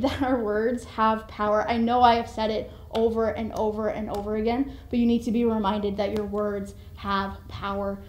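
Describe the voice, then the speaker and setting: A young Canadian woman giving a sermon-like motivational talk, animated and quick to act out voices with sudden jumps in pitch and loudness. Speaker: speaker giving a devotional talk. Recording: roomy echo.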